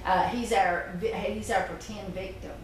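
A woman's voice: mid-range voice, fairly even intonation, moderate pace. A middle-aged woman, chatting casually to her viewers in a folksy, talkative way as a soap-making channel host. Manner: chatty, folksy, laughs easily, with fillers. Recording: echoey room with background noise.

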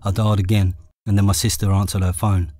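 A man with an English accent reading his own memoir as an audiobook in a steady, measured way. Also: lowish voice, dry recording. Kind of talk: audiobook narration.

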